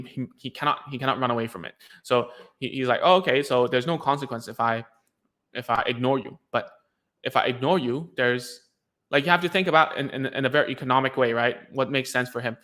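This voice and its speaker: A man's voice: medium pitch, a little fast, bright, forceful tone. Chatty man giving loose parenting advice. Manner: loose and chatty, lots of fillers and restarts, says "dude". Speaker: speech therapy coach answering parents' questions. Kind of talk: casual advice video.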